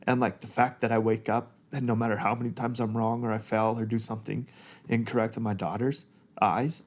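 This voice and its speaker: A man's voice: fairly low pitch, flat delivery, fairly quick. A man in his thirties, a podcast guest, talking candidly and emotionally, close to tears and swearing freely. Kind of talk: candid conversation.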